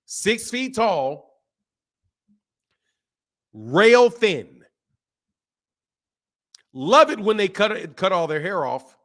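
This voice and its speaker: A man in his forties hosting a channel, talking in an animated, repetitive casual rant and laughing often. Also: sits high, extremely slow, pauses often. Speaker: boxing channel host.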